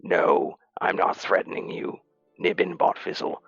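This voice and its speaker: A man voicing a gruff golden dragonborn warrior who speaks low, quiet and threatening. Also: fairly even intonation, measured pace, no room sound, lo-fi sound, soft background music, heavily acted. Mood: menacing.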